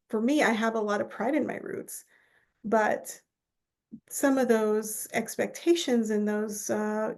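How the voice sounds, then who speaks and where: A woman guest on a podcast talks through family stories with a slightly high, bright voice. She slips into quoted voices of relatives as she tells them, keeping a warm conversational flow. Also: gravelly. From United States. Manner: animated storyteller who acts out quoted relatives. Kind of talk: conversational interview storytelling.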